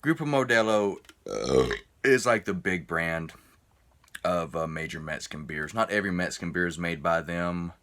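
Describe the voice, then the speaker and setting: Deep-voiced rambling man reviewing beer. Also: steady tone, moderate pace, pushed and bright. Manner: rambling, chatty, self-interrupting. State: a little tipsy. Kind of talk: casual beer review vlog.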